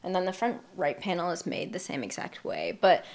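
A woman's voice: fairly low pitch, big pitch swings, a little fast, a little mellow. Chatty young woman with mild Massachusetts accent. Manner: chatty, laughs lightly, thinks aloud while showing work. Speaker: knitting podcast host. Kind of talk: casual show-and-tell chat.

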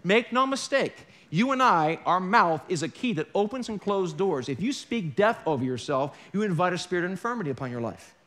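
Man pastor, high-pitched voice, chatty preaching with dry jokes for the pews. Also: big pitch swings, a little fast, hardly any pauses, fairly bright tone. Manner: conversational and joking, with wry asides to the congregation. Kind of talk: sermon. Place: church sanctuary.

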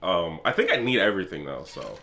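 An excitable man talks through a horror game for his channel, his pitch swinging widely from low mutters to high yelps. His voice has a bright, forceful edge, and he swears freely. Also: brisk, creaky. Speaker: gaming channel host. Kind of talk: let's play commentary.

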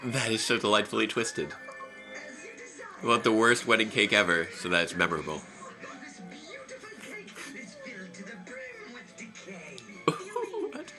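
A young man co-hosting a casual live reaction video, exclamatory and animated, often restarting his sentences. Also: on the low side, brisk, long pauses, music in the background. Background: television episode playing.

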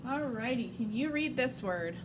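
A woman's voice: on the high side, lively intonation, normal speed, background noise. A woman teacher giving an encouraging, upbeat reading lesson for young children.

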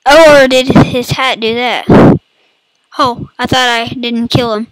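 A woman with a hoarse, fading voice and a cough, chatting playfully to viewers over gameplay. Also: high-pitched, a little slow, a bit bright, no room sound, rough recording. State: hoarse, losing her voice, coughing. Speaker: gaming YouTuber. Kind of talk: casual let's-play commentary. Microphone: computer mic.

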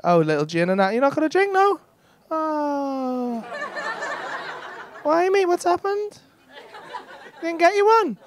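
Sweary comedian doing crowd work. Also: male voice, extremely high pitch, very animated, takes it slowly, long pauses. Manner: cheeky, sweary banter with audience members. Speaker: stand-up comedian. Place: comedy club stage. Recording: live club with audience laughter.

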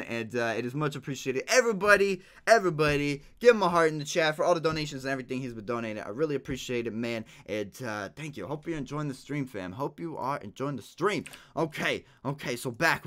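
A young man hosting a casual gaming livestream, excitable and chatty, yelping at mishaps and thanking donors aloud. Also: high-pitched. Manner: excitable, loud yelps, reads donations aloud. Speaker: livestream host.

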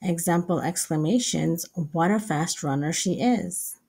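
A woman teaching English writing step by step, slow and deliberate, repeating each example sentence. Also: on the low side, gravelly, a little mellow, husky.

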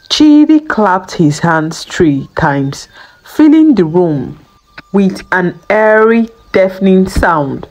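Female storyteller, unhurried folktale narration, lively melodic pitch. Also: low-quality recording. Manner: slow, lilting storytelling delivery.

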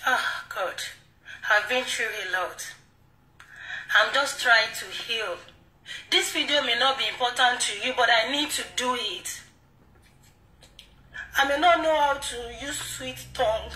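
A young woman with a Yoruba accent speaking to camera in an emotional monologue, pleading, apologetic and halting. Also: a little high, pushed and bright, echoey room, recorded from a distance, low-quality recording. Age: young adult. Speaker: video creator.

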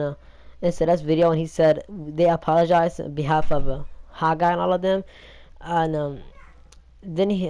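A man's voice: fairly high pitch, darkish tone, clean tone. A young man hosting a gaming channel, talking in a rambling, indignant and defensive rant.

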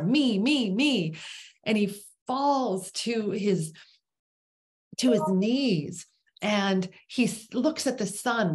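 A spiritual teacher, a woman with a medium-pitched, slightly mellow voice, tells a parable slowly, using dramatic pauses and sinking to a whisper on key words.

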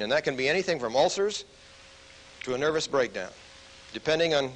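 A military officer giving a stress management lecture to a group, telling stories and asking the audience questions. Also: male voice, on the high side, slight background noise, poor audio. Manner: animated storyteller who asks the audience questions.

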